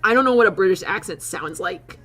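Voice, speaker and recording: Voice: mid-range voice, animated, a little fast, sharp tone, faint music behind. A streamer chatting casually to their chat, rambling with frequent laughs and casual swearing.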